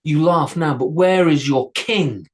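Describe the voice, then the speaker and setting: A man playing a tiny, brave boy warrior who speaks out earnestly and defiantly. The voice sits high and bright in a spoken folktale. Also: measured pace, close to an everyday voice.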